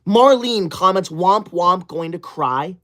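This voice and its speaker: A livestreamer reading viewer super chats in an over-the-top teacher's-pet persona, bossy and indignant, quick to scold viewers and kick them out. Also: medium pitch, animated, fairly bright tone. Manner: prim, rule-enforcing and self-important.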